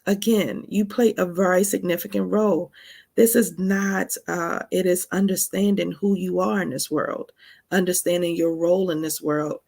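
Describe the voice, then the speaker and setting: A woman hosting an informal spiritual teaching, speaking in an animated, emphatic way. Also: lowish voice, vocal fry. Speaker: host and teacher.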